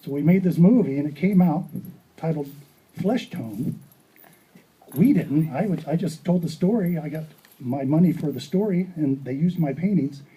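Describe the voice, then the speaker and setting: A man giving an art talk, telling stories in a rambling, animated way and acting out dialogue. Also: a little high, normal speed, slightly rough, low-quality recording. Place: gallery or hall.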